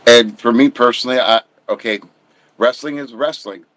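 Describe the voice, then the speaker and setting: A man's voice: medium pitch, moderate pace, fairly bright tone, no room sound, low-quality recording. A middle-aged man hosting a livestream, chatting casually and ranting bluntly about his opinions. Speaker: livestream host.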